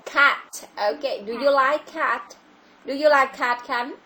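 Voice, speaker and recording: Slow, patient Vietnamese-accented woman teacher. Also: high-pitched, fairly even intonation, sharp tone. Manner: slow, patient, repeats questions. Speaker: English teacher. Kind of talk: online English lesson for a child.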